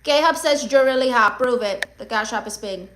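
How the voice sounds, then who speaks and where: A woman's voice: fairly high pitch, normal speed, fairly bright tone, slight background noise. A woman with Spanish-accented English reading out a livestream chat, sassy and mock-demanding as she greets viewers by name. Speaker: livestream comedian.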